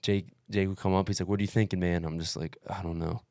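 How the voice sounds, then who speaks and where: A young man with a very low voice tells a story in loose, profane podcast chat. He is animated and calls everyone "dude". The sound is dry and close. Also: quick pace, no echo. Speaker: podcast guest recounting an ultramarathon.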